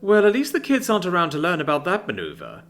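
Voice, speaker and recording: A man's voice: sits high, wildly swooping pitch, fast, fairly bright tone, voice pushed up, heavily acted. A man voicing Essie, the oldest of the huntresses, dry and teasing, in a raised, playful and wry voice.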